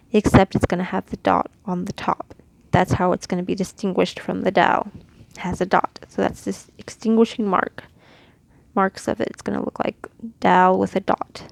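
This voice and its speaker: Woman with a gravelly edge, teaching. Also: medium pitch, a little mellow, no room sound. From Mexico. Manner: explains patiently, demonstrating sounds. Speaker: Quran reading teacher. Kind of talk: casual instructional lesson.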